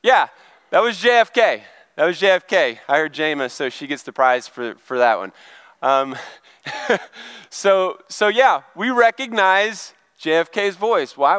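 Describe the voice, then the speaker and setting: A man's voice: on the high side, a bit bright, clean tone, no room sound. A middle-aged male pastor giving a chatty, conversational sermon and asking the congregation questions. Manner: chatty, asks the crowd questions.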